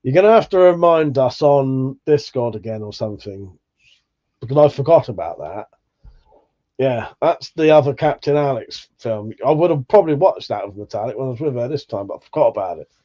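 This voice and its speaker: A man's voice: medium pitch, mellow, highs cut off. A man hosting a livestream, chatting casually and reading out viewer comments, swearing freely and laughing at himself. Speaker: livestream host.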